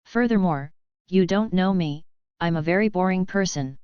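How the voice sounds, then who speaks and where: A woman's voice: on the low side, normal speed, clean tone, no echo, close to an everyday voice. A woman reading the part of a shy, flustered young woman student who talks hesitantly and apologetically. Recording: dull lo-fi, dry.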